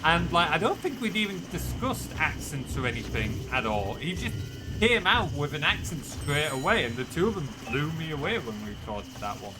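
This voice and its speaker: A man's voice: a little high, sing-song, normal speed. A young man with a Yorkshire accent, chatting casually and giggling self-deprecatingly with viewers during a game live-stream. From northern England. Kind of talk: casual live-stream chat while gaming. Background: game music.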